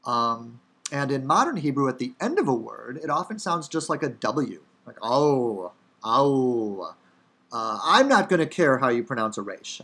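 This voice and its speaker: A man's voice: mid-range voice, vocal fry, a bit bright. Wry Chicago-accented man teaching Hebrew. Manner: casual, wry teaching with many fillers. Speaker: Hebrew instructor. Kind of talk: recorded lecture.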